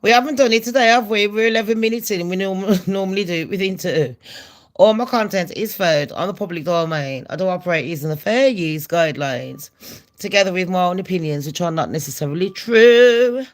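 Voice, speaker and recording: A woman's voice: on the low side, fairly quick. A middle-aged woman with a nasal voice, hosting a gossip vlog in a brash, sweary, chatty way. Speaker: gossip channel host.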